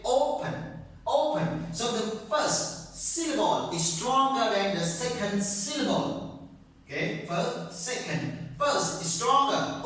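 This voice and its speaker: A male English teacher giving a grammar lesson, speaking slowly and repeating points, checking "okay?" often, with non-native grammar. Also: high voice, fairly bright tone. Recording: very echoey room, distant mic.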